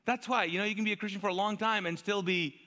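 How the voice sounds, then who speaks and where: A male pastor preaches in a high, bright, forceful voice, chatting with the congregation and peppering his sermon with rhetorical questions and call-and-response prompts. His voice rings out with a long reverb, as if he is on stage in a large church auditorium. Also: steady tone, fast.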